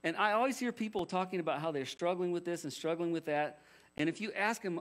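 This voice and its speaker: A man's voice: high voice, lively intonation, fast talker. A man preaching a sermon as pastor, conversational, with rhetorical questions and jokey asides.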